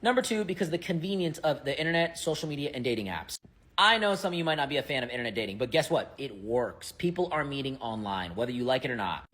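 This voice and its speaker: A man's voice: mid-range voice, big pitch swings, fast talker, fairly bright tone. A man hosting a commentary video, speaking directly to the camera as a dating coach in an emphatic, lecturing way.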